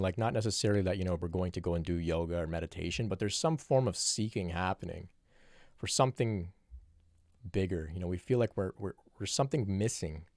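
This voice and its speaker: Low-voiced man answering spiritual questions. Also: darkish tone, no echo, clean studio sound. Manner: reflective, unhurried, with frequent restarts and "you know". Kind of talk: solo Q&A monologue.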